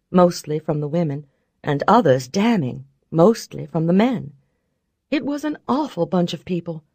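A woman narrating a first-person story in a wry, expressive way. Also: lowish voice, no echo, studio quality. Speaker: audiobook narrator.

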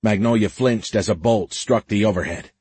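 A man narrating a science fiction audiobook in a steady, measured way. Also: fairly low pitch, slightly rough. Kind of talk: scripted narration.

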